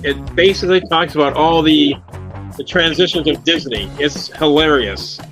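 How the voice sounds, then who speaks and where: A man's voice: a little high, normal speed, music in the background, rough recording. A man in a casual chat among comedians, talking loosely with trailing phrases. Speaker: comedian guest.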